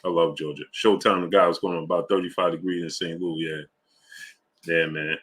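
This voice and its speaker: A man's voice: low voice, little pitch movement, moderate pace, a bit bright. A man with a New York accent, chatting casually on a livestream and greeting viewers by name in slangy talk. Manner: slangy, reads out viewer names and greets them. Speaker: livestream host.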